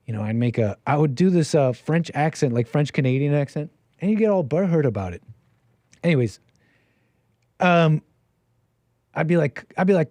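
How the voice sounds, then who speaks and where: A man hosting a livestream call-in show, rambling and joking, getting loud and high when he hams up a story. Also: animated, a little fast, pauses often, no echo. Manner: jokey, rambling, swings loud and high for emphasis. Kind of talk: casual livestream talk.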